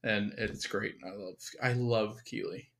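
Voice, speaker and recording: A man co-hosting a podcast in a casual recap chat, easygoing and soft-spoken, with plenty of "like" fillers. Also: fairly low pitch, fairly even intonation, measured pace, creaky. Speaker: podcast co-host.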